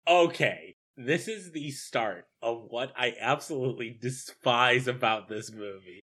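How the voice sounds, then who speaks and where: Dry, scornful man co-host who talks slowly, casual review. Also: mid-range voice, expressive, a bit bright, husky. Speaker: podcast co-host. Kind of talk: casual chat, film review.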